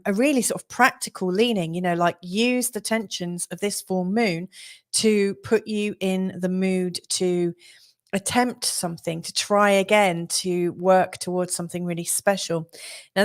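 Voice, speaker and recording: A woman astrologer hosting a live stream, chatting casually with many fillers and frequent laughs. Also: medium pitch. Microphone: studio mic.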